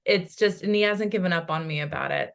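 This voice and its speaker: A woman psychic medium in casual chat, talking in an animated, rambling way with quick asides. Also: lowish voice, creaky, clear, resonant tone.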